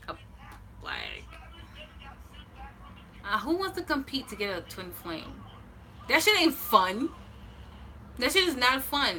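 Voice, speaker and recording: A woman tarot reader on a livestream speaks in a bright, forceful, medium-pitched voice, captured in low-quality audio with slight hiss or hum. Casual, blunt yet reassuring, she swears freely and drags out key words for emphasis.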